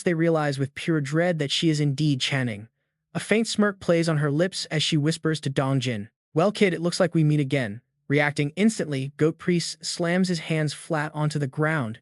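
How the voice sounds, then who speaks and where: A male narrator tells a comic's story in steady, dramatic scripted narration. His voice sits a little high. The recording is dry, with no room sound around it. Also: no echo.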